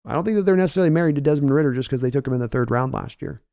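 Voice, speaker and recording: A man's voice: medium pitch, rapid-fire, creaky, warm tone. A man hosting a casual live-stream sports show, reading viewer comments aloud and answering them in a conversational, folksy way. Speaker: podcast host reading chat.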